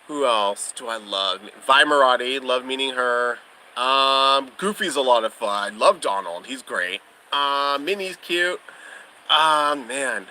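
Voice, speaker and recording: A man's voice: medium pitch, bright, forceful tone, a little hiss or hum, rough recording. Bubbly young man hosting a livestream. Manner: bubbly, laughs often, gushing. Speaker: livestream host. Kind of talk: casual livestream chat.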